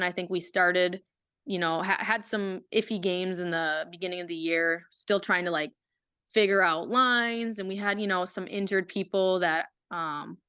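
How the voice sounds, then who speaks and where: A young woman with a smooth, clear voice and a lowish pitch talks in a laid-back, casual way. She often doubles up her words and leans on fillers as she chats as an interview guest. The sound is dry and close. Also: pushed and bright, no room sound. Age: young adult. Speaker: college athlete guest.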